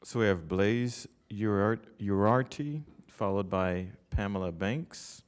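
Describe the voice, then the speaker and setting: A man with a fairly low voice chairs a county meeting. He calls the next speakers briefly and in a businesslike way. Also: takes it slowly, smooth. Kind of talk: procedural announcements.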